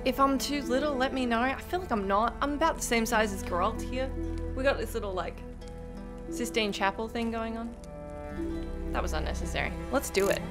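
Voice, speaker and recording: A young woman chatting live with her viewers while gaming, bubbly and effusive, quick to laugh and to gush thanks. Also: on the high side, over music. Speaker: game streamer.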